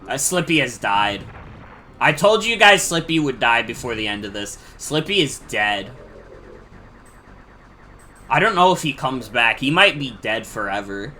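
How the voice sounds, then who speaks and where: A man's voice: medium pitch, very animated, a little slow, pauses often, sharp tone, slight background noise. A man streaming a retro game, chatting casually with lots of filler words and cursing. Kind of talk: casual gameplay commentary.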